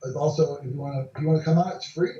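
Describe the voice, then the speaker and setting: A man, a film director guest, answering interview questions politely with halting repeats. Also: on the high side, dark tone. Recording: distant, echoey, dull remote line.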